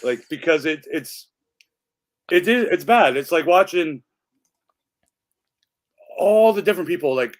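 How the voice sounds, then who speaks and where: A man's voice: on the high side, lively intonation, unhurried, long pauses, dry recording. A man co-hosting a livestream, talking casually and rambling with lots of "like" and restarts. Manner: rambling, chatty, full of "like". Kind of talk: casual chat.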